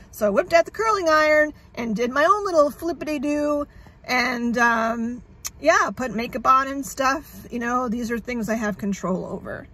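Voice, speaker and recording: A woman's voice: a little high, moderate pace, bright, forceful tone. A woman talking candidly in a casual vlog, sarcastic and frazzled, rambling and swearing freely. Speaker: vlogger sharing her illness journey.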